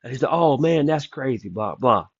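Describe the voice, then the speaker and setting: Man, casual storytelling, animated, mid pitch, dry close sound. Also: moderate pace, no echo, muffled recording. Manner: animated, acts out quoted voices loudly. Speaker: comedian guest.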